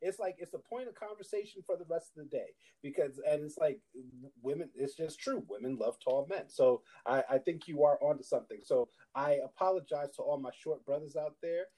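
A young man co-hosting a podcast, chatting casually and telling animated stories, acting out other people's lines. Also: a little fast, hardly any pauses, rough recording. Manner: animated storyteller, acts out his wife's lines in a higher voice. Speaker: podcast co-host. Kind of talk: casual chat.

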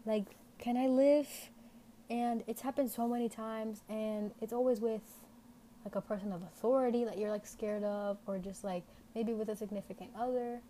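A woman's voice: on the high side, fairly even intonation, moderate pace, warm tone, a little hiss or hum. A young woman hosting an unscripted podcast, talking casually and rambling with many fillers. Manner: rambling, lots of "like" fillers, candid. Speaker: podcast host.

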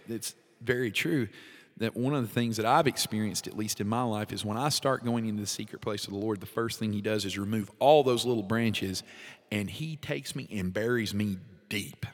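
A man's voice: fairly low pitch, in a large hall. A man hosting a devotional talk, speaking casually and from the heart, laughing often as he shares his faith. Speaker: podcast host, worship leader.

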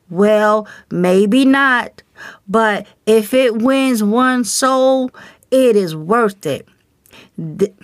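A woman preaches in a slow, deliberate way, her voice sitting a little high. She fires blunt rhetorical questions and scolding warnings at the listener. The recording is close and dry, with no room sound. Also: smooth, no echo. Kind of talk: confrontational religious exhortation.

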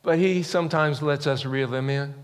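A middle-aged man preaching a sermon, telling stories in an animated way and acting out loud quoted yells. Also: normal speed, long reverb tail. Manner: animated, acts out quotes with sudden high yells. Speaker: pastor. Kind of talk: sermon storytelling.

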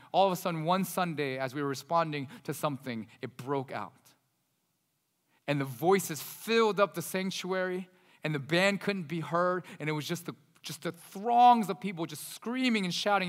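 Bright-voiced pastor in an echoing sanctuary. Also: male voice, on the high side. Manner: storytelling, swelling loud then dropping soft and hushed. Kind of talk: sermon. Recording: long hall reverb.

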